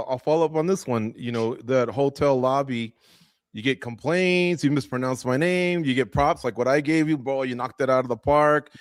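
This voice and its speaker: A man's voice: mid-range voice, no echo. Chummy male radio interviewer. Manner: relaxed and chummy, asks loose follow-ups. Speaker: radio show host. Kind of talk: casual interview.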